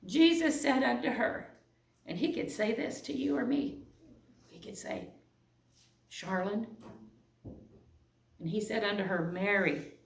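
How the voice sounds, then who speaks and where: A woman's voice: mid-range voice, expressive, unhurried, creaky, pauses often, slight background noise. Lady preaching, earnest, sounds far off the mic in a big echoey church. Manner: earnest, reads scripture aloud in old-fashioned phrasing. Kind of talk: sermon. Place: church sanctuary.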